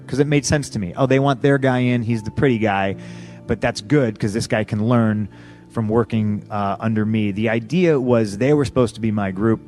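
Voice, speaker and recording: A man in his thirties, a pro wrestler as a podcast guest, telling stories bluntly and with constant swearing. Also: fairly low pitch. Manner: profane, blunt, animated when quoting others. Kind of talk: casual storytelling interview.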